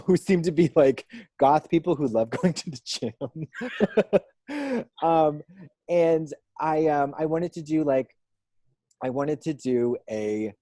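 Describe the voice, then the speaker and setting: A man's voice: mid-range voice, mellow, no echo. A man in a casual interview, rambling with lots of fillers and restarts and making dry jokes. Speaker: drag performer and musician, guest.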